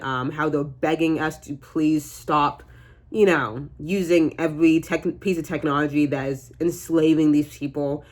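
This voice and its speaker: A woman's voice: sits low, steady tone, unhurried. A woman in her twenties chatting casually through a makeup tutorial, jokey and rambling, with fillers and the odd swear word. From United States. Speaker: beauty vlogger.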